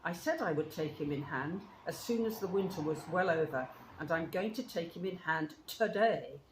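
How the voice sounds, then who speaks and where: A woman voicing a stern, commanding old male badger in a storybook reading, with slow, deliberate pronouncements. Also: fairly low pitch, lively intonation, close to an everyday voice. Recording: roomy with faint hiss.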